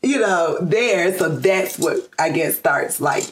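A woman's voice: on the low side, expressive, slow pace, a little hiss or hum. A woman from Georgia in the US, chatting in a casual interview, rambling with many fillers and restarts and laughing often. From Georgia, USA. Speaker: interview guest. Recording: roomy echo.

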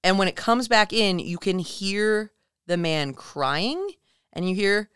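A woman's voice: medium pitch, slow, clean tone, no room sound, clean studio sound. A woman co-hosting a podcast, retelling a story in casual chat and acting out the quotes as she goes. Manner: animated retelling, acts out quotes. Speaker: podcast co-host.

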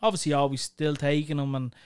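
A man's voice: fairly high pitch, little pitch movement, fast, clear, resonant tone, dry recording, clean studio sound. A young man hosting a casual chat, blunt and crude in his banter. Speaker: podcast host.

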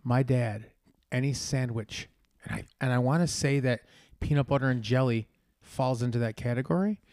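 A man's voice: mid-range voice, a little mellow, dry recording, clean studio sound. A man co-hosting a casual comedic podcast, goofy and jokey, stretching words for laughs. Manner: goofy, jokey, playful drawn-out emphasis. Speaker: podcast co-host.

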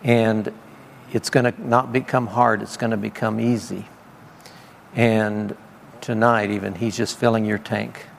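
A man's voice: fairly low pitch, level tone, measured pace, vocal fry, slight background noise. A man preaching and giving prophetic words to people in a meeting, in a casual, conversational way with laughing asides and repeated praise. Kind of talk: informal charismatic ministry. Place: church meeting hall. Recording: long hall reverb, faint background ambience.

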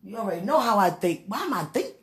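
A young woman vlogging from her bed in a casual confessional chat to viewers, sighing and muttering dramatic pleas to God, swinging between murmurs and loud outbursts. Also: mid-range voice, big pitch swings, quick pace.

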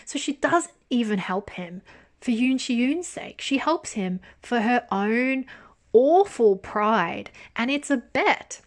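A woman's voice: on the high side, takes it slowly. Candid woman reviewing a drama. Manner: candid, animated, swears freely. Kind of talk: casual chat.

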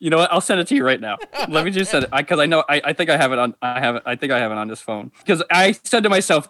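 A man's voice: on the high side, quick pace, few pauses, no room sound. A man in his forties telling a long funny story as a podcast guest, laughing often and stumbling over his words. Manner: lively, laughs often, repeats and restarts. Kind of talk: animated storytelling.

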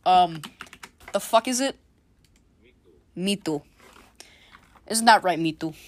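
A woman's voice: fairly low pitch, slow. A woman hosting a solo comedy podcast, joking sarcastically with lots of swearing. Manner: sarcastic, profane, jokey. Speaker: podcast host. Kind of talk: casual comedic monologue.

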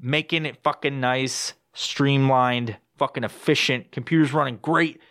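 Ranting casually on his own podcast at a measured pace, a young man curses constantly and rambles, restarting thoughts as he goes, using a podcast mic with headphones at home. His usual middle male pitch jumps into a high, excited voice whenever he acts out what he said. The audio is clean and echo-free.

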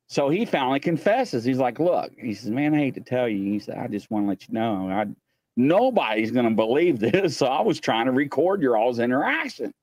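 A man hosts a paranormal talk show and tells a long story in a loose, chatty way. His voice sits a bit high and swings widely in pitch as he plays out each quote. The sound is dry and close, with no room around it. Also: no room sound. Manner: animated storyteller, laughs mid-sentence, acts out quotes. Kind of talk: casual storytelling chat.

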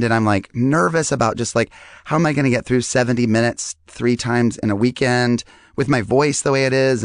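A man with a hoarse, strained voice hosting a podcast in a rambling, self-deprecating, chatty monologue. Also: mid-range voice, no room sound, clean studio sound. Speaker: podcast host. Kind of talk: casual monologue.

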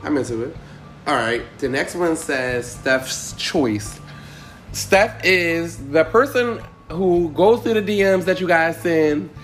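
A young man hosting a casual panel podcast, animated and sassy, often laughing as he talks. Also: a little high, takes it slowly, faint music behind. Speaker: podcast host.

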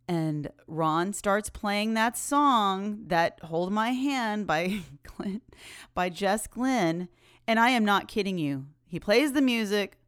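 A woman podcast host telling a personal story in a chatty, animated way, laughing often. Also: medium pitch, smooth, dry recording, studio quality.

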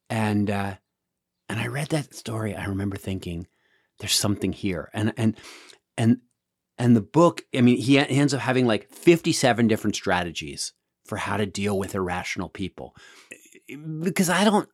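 A man's voice: fairly low pitch, no echo, studio quality. A man hosting a podcast, telling a story in a casual monologue, with many restarts and repeated words. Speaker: podcast host.

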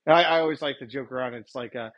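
A man's voice: mid-range voice, racing, dull audio. A man giving an informal preaching monologue, rambling and correcting himself as he retells scenes and quotes scripture. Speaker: Christian commentator.

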